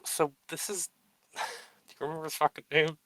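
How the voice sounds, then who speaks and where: A man's voice: fairly high pitch, level tone, fairly quick, pushed and bright, rough recording. A man co-hosting a casual, unedited podcast chat. He swears freely, laughs at himself and launches into mock-grandiose tributes. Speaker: podcast co-host.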